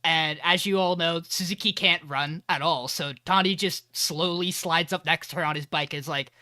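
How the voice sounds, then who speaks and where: A man on a casual podcast with a bright, forward tone, eagerly walking through an episode and acting out bits of dialogue as he goes. His delivery is loose and profane, with a dry, close sound. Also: fairly high pitch, normal speed, dry recording. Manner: animated retelling, acting out lines, swearing and laughing. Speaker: podcast co-host recapping an episode.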